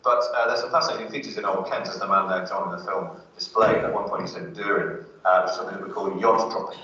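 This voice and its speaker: Fast-talking man in a roomy studio. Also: low-pitched, steady tone, bright, forceful tone, far from the mic, muffled recording. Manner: fluent, explanatory, many fillers. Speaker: studio guest speaking on accents. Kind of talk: TV studio chat, explaining.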